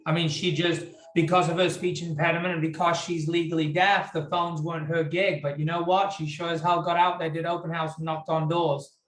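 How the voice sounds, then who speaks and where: A man's voice: a little high, little pitch movement, a little fast, a bit bright. British man in an echoey room. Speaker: real estate agent. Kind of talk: casual group video-call discussion.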